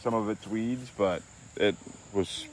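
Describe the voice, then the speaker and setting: A man's voice: lowish voice, takes it slowly, a little hiss or hum. A man talking casually on a family vlog, playfully teaching his toddler colors outdoors on a homestead. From West Georgia, USA. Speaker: father and homestead vlogger.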